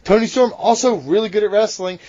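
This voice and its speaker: A man's voice: high voice, a little fast, mellow, dry recording, lo-fi sound. A man co-hosting a wrestling podcast, brash and teasing, swearing freely in casual banter. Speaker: podcast co-host.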